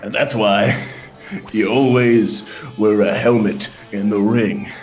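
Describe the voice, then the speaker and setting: A cowboy wrestler speaks in a prim, mannered way, as a man puts him on. His voice is low and even. He is a figure in a tabletop role-playing game. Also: takes it slowly, faint music behind. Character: male cowboy wrestler playing a genteel tea-party host.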